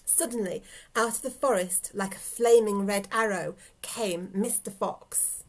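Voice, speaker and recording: Slow, gentle woman reading a story. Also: medium pitch. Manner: gentle, chatty asides to her dog. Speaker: teacher. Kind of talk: reading a story aloud to children.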